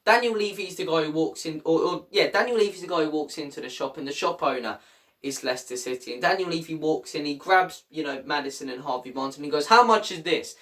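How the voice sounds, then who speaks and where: A man's voice: fast talker, distant mic. A man hosting a football fan channel, ranting angrily with exasperated outbursts. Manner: angry, exasperated, swings from low mutter to loud outbursts.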